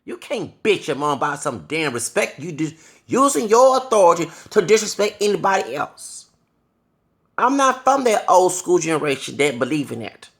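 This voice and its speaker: A fairly high, gravelly male voice rants in an angry monologue. He curses constantly and keeps stopping to apologize for it. He sounds like a man in his thirties venting to his viewers. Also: sing-song, moderate pace, a bit bright. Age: 30s. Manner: heated, profane, ranting, with repeated apologies for cursing. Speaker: vlogger.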